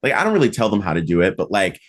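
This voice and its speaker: Chatty man with a lowish voice. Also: racing. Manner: chatty, frequent "like" fillers, animated emphasis. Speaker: podcast host and mock trial coach. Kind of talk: casual podcast conversation.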